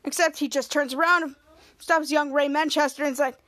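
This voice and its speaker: A woman's voice: high-pitched, steady tone, fairly quick, a bit bright. A woman hosting a podcast, recapping a TV episode scene by scene and acting out the characters' lines. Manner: retells scene by scene, acting out quotes. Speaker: podcast host.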